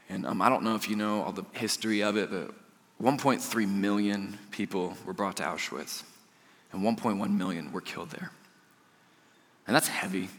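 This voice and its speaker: A male pastor preaching a sermon, animated, with soft, emphatic pauses. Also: lowish voice, long reverb tail.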